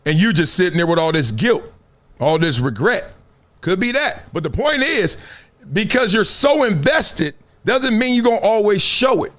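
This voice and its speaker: A man's voice: sits high, sing-song, normal speed, a bit bright. A middle-aged man hosting a show, giving an emphatic, preachy commentary monologue with rising exhortations. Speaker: show host.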